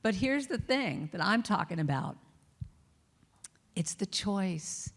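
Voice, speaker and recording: A woman's voice: medium pitch, lively intonation, takes it slowly, big-room sound. A woman giving a chatty, playful inspirational talk at a spiritual center, laughing now and then. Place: church hall.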